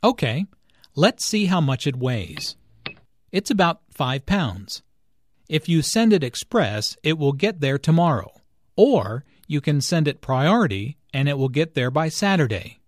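A man's voice: a little high, very animated, unhurried, no room sound. A man playing a courteous, businesslike postal clerk in a scripted lesson dialogue. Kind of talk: scripted role-play dialogue.

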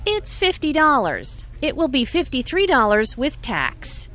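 A woman playing a friendly salesperson in a scripted lesson dialogue, speaking her lines clearly and helpfully. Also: sits high, wildly swooping pitch, unhurried, a bit bright, faint music behind, heavily acted. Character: friendly adult female shop salesperson. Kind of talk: scripted role-play dialogue.

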